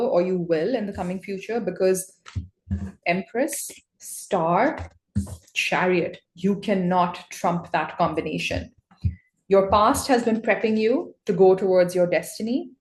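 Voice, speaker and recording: A woman reading tarot cards to her viewers with a slightly low voice, bursting into excited exclamations as she goes. The sound carries a noticeable echo from the room around her. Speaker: tarot reader. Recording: echoey room.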